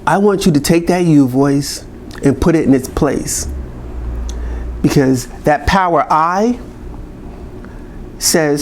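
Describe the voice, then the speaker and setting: A man's voice: on the high side, slow, long pauses, darkish tone, slight background noise. A man giving a motivational talk to camera, emphatic and repetitive in a pep-talk manner. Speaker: motivational speaker.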